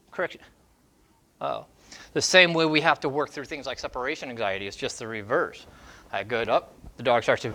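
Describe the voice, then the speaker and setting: A man's voice: mid-range voice, brisk, sharp tone. A man working as a dog trainer, answering questions on a show, emphatic and acting out training steps in short bursts. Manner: emphatic, demonstrates scenes in short fragments. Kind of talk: Q&A advice segment.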